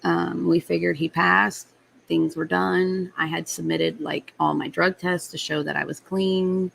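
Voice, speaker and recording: A woman's voice: on the low side, little pitch movement, measured pace, creaky, fairly bright tone, a little hiss or hum, low-quality recording. A young adult woman hosting a live stream, telling a story in a blunt, heated way and swearing freely. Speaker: livestream host. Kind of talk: casual storytelling to live chat.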